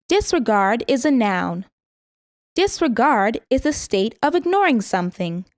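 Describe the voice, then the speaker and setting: A woman reading a vocabulary lesson, saying each word, its part of speech, its meaning and an example sentence, and pausing for the listener to repeat it. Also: fairly high pitch, no echo, studio quality. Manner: slow, careful word-by-word pronunciation. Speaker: vocabulary teacher.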